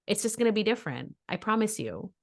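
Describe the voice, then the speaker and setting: A woman co-hosting a casual podcast. She is a mother and talks bluntly, giving animated opinions and telling stories. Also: mid-range voice, quick pace, vocal fry. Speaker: podcast co-host. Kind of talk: casual chat.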